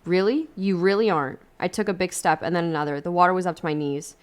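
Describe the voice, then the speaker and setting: A young woman reads a novel aloud in a fairly low voice. Her reading is steady and plain, and she breaks in with wry, joking asides. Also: fast. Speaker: YouTube host.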